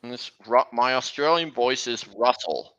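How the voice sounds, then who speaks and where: A young man hosting a casual livestream, talking in a halting way with many restarts. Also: medium pitch, animated, fairly bright tone, smooth, muffled recording. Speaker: livestream host. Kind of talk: casual stream chat.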